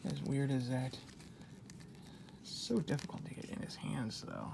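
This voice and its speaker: A gravelly, chatty man walks through a toy unboxing, excitable and muttering to himself as he goes. A steady hiss of background noise sits under his voice throughout the home recording. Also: mid-range voice, normal speed. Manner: chatty and excitable, talking to himself while opening boxes. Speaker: toy collector host. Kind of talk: casual unboxing commentary.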